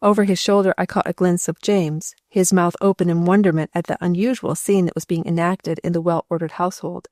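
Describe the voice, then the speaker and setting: A woman narrating a first-person novel as an audiobook, in a steady, measured read on a close microphone. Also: fairly low pitch, no echo.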